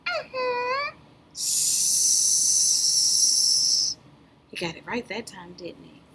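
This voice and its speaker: A woman's voice: lowish voice, fairly quick, vocal fry, background noise. A woman teacher giving a speech lesson to young children, patient and drawn out in a sing-song way.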